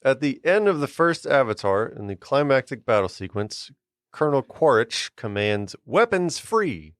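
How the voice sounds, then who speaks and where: A man guesting on a casual podcast, running the trivia round with eager energy. His voice is smooth and resonant, moving lively through its range. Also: mid-range voice, normal speed, no room sound, studio quality. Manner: eager, reads trivia questions. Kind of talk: casual banter.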